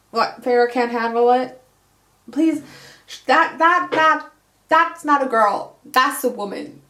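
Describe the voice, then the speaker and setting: A woman giving a casual, humorous book recap with sarcastic, playful asides. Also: on the high side. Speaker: book vlogger. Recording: echoey room.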